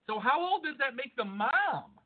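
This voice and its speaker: A man with a high, animated voice co-hosts a podcast, excitable and quick to spin odd theories, with plenty of swearing. The sound is thin and phone-like. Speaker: podcast co-host. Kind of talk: casual chat.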